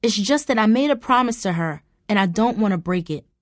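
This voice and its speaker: A woman's voice: mid-range voice, lively intonation, fairly quick, no room sound, clean studio sound, close to an everyday voice. A woman voicing a guilty, defensive sixteen-year-old girl who pleads with her mother. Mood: pleading. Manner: defensive and hesitant.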